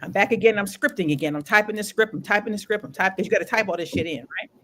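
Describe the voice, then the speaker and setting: A woman in casual conversation who tells her story with energy, swinging up and down as she goes. She repeats her phrases for emphasis and swears without a second thought. Her voice sits at a middle pitch. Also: very fast, fairly bright tone. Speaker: show host.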